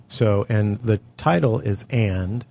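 A man's voice: lowish voice, slow pace, gravelly, dark tone. A middle-aged man from California telling a long story in casual chat, exasperated and full of profanity. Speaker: podcast co-host telling a story.

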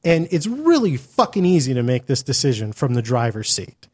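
Casual male storyteller, swears freely, exasperated and lively. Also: medium pitch, moderate pace, slightly rough. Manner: profane, animated, exasperated retelling.

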